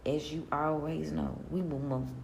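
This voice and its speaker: Low, gravelly Southern woman chatting. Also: steady tone, unhurried, darkish tone. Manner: laid-back, chatty, laughs often, drawls. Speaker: podcast host. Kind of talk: casual solo podcast chat. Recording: roomy echo, faint room noise.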